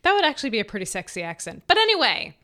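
A woman's voice: a little high, huge pitch swings, racing, pushed and bright. A woman co-hosting a book club podcast, chatting casually in an upbeat way. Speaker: podcast co-host. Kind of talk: casual chat.

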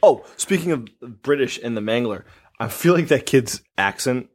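A man's voice: mid-range voice, animated, moderate pace. A young man co-hosting a podcast in casual chat, laid-back and agreeable, often laughing. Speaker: podcast co-host.

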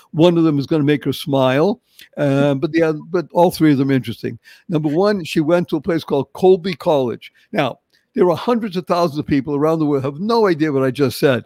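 Boston-accented male host, theatrical and emphatic, fairly high-pitched, dry booth. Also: a little mellow, no room sound. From Boston, Massachusetts. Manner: emphatic, theatrical, acts out little scenes. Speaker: podcast host. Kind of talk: enthusiastic interview introduction.

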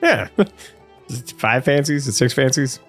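A man co-hosting a casual podcast, chatting with excited, geeky enthusiasm and frequent laughter. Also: medium pitch, a little slow, faint music behind. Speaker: podcast co-host. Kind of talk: casual chat.

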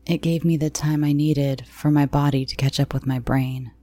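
A woman narrating dark first-person audio fiction in a slow, hushed, often near-whispered manner. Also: low voice, fairly even intonation.

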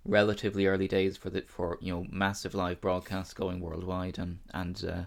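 Male co-host, low voice, relaxed rambling chat. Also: normal speed, gravelly. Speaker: podcast co-host. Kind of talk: casual chat.

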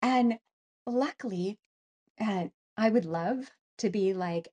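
A middle-aged woman from Canada, an interview guest telling an emotional personal story in an animated way, acting out voices with many fillers. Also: mid-range voice, moderate pace, breathy edge.

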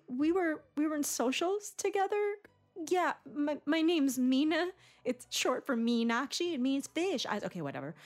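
A young woman performing a one-woman stage monologue, talking in rapid, stammering, comic teen chatter. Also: sits high. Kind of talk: theatrical monologue.

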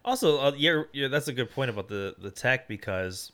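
Guy cohosting a movie chat, bright voice, mostly jumping in with yeahs and rights. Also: mid-range voice, animated, clear, resonant tone. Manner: quick agreeing interjections. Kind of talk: casual film discussion.

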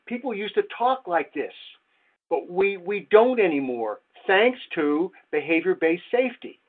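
A man's voice: sits high, sing-song, a little slow. An older man, a safety researcher, giving a wry slide presentation full of rhetorical questions. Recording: tinny phone-like audio.

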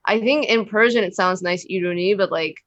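A woman chatting casually as a podcast guest, telling stories in an animated, talkative way. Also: medium pitch, normal speed, no echo, dull audio. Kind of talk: casual chat.

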